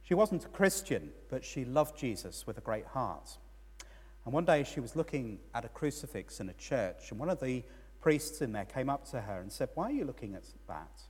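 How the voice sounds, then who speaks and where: A man's voice: medium pitch, lively intonation, normal speed, a little mellow, husky. A man giving a sermon as a priest, telling a story with rising and falling emphasis. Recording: long church reverb.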